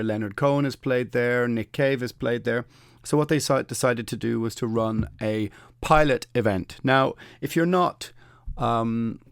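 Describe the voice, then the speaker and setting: A man's voice: mid-range voice, vocal fry, no room sound, studio quality. A middle-aged Irish man hosting a solo podcast rant, opinionated and sardonic with mocking asides. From Ireland. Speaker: podcast host.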